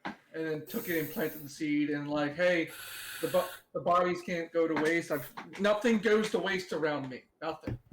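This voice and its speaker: A laid-back man describes his moves in a tabletop game, slangy and unhurried. His voice is a bit higher than most men's. A faint hiss sits behind him. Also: rough recording. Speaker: player. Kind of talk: casual tabletop play over voice chat.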